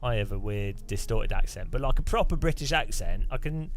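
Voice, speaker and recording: A man's voice: on the low side, lively intonation, a little fast, faint music behind. A man chatting casually on a live stream, rambling and chuckling as he thanks viewers between thoughts.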